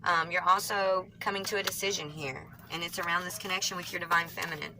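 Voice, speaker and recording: A woman with a Southern US country twang, reading tarot cards for viewers in a fast, rambling way, often correcting herself mid-sentence. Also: fairly low pitch, steady tone, very noisy. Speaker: tarot reader.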